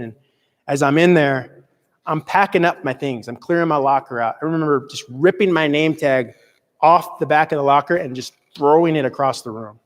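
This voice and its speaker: A young man, a motivational speaker, telling a personal story with earnest, dramatic swings between loud and soft. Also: fairly high pitch, in a large hall. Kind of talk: storytelling talk to an audience.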